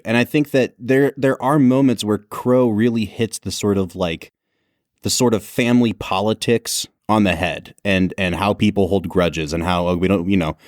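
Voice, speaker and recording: Low-voiced man, chatty podcast co-host. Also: dry recording, studio quality. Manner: chatty, laughs often, trails into asides. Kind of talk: casual chat.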